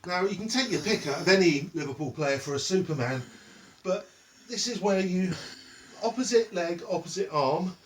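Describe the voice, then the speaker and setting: Man, high voice, relaxed instructor, echoey room, mic some way off. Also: normal speed, recorded from a distance, slight background noise. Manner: playful, names each stretch after a football player. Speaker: exercise instructor. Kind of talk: home stretching tutorial. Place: indoors at home.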